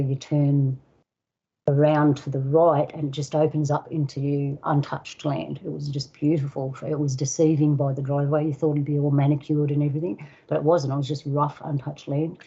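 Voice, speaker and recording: An older woman with an Australian accent, a guest elder telling a personal story in unhurried casual talk, acting out voices and sounds. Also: low voice, mellow, muffled recording. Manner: unhurried, acts out dialogue and sounds.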